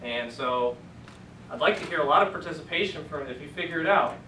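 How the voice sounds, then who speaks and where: A man's voice: a little high, brisk, pushed and bright, a little hiss or hum. A man teaching Greek to a class, explaining patiently step by step in a casual lecture. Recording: echoey classroom from a distant camera.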